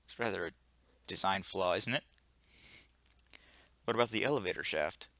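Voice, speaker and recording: A man's voice: sits low, moderate pace, bright, forceful tone, no echo, voice pushed down. A man voicing an anxious, uptight male crewman in a video game who keeps asking worried questions.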